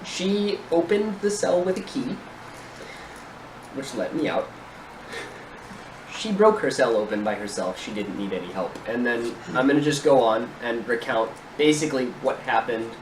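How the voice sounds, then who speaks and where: A player recounting events in a lively way during a tabletop game. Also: medium pitch, normal speed. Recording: roomy echo, noisy stream audio.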